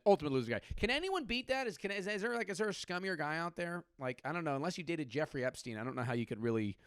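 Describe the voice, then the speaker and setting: A man's voice: on the high side, fairly bright tone, clear, resonant tone, dry recording, studio quality. A man from California doing a comedic podcast monologue, rambling and sardonic, with lots of swearing. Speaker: podcast host.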